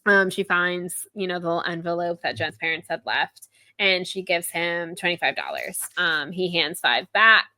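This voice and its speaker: A young woman on her podcast casually recaps a book chapter, animatedly retelling scenes and chatting with frequent "like"s. Her voice is on the low side, and she talks at a normal speed.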